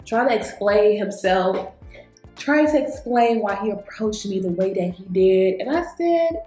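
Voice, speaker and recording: A chatty woman vlogger talks through her makeup routine and tells lively stories straight to the camera. Her voice sits in a middle register and rings out in an echoey room, with faint music behind her. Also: mid-range voice, measured pace. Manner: chatty, animated storyteller, talks straight to viewers. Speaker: beauty vlogger. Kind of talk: casual chat while doing makeup.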